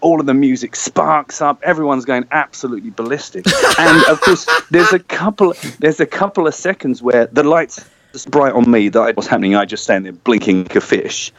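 Man telling a lively story. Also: medium pitch, brisk, slight background noise. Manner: animated, self-deprecating, acts out voices. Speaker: guest storyteller. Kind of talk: casual anecdote.

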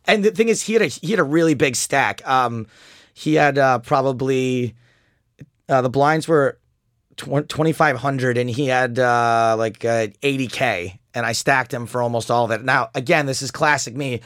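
A man's voice: medium pitch, normal speed, dry recording. Man retelling a poker hand, dry sound. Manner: animated storytelling, mocks an opponent's angry chat. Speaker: poker player telling a hand story. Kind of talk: casual chat.

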